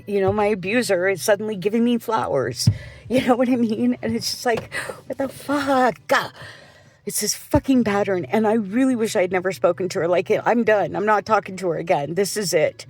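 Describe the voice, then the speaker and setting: A woman's voice: mid-range voice, darkish tone. A middle-aged woman who works as a janitor, venting in a rambling, profane monologue.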